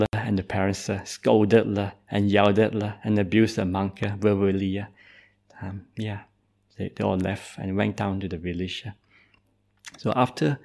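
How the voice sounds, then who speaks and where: A Buddhist monk telling a story in a dharma talk, speaking hesitantly and tagging nearly every phrase with "eh". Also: male voice, on the low side, creaky, mellow.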